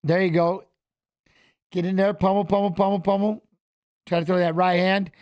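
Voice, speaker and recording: High-voiced man calling a fight live. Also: moderate pace, dry recording. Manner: animated, coaching fighters aloud, repeats phrases. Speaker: watch-along fight commentator. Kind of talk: casual live fight commentary.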